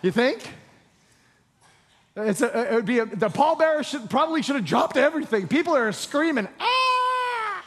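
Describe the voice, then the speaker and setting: A man's voice: extremely high pitch, expressive, fast, few pauses, a little hiss or hum. A man preaching a sermon to a congregation, repeating phrases and building to passionate exhortation. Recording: long hall reverb.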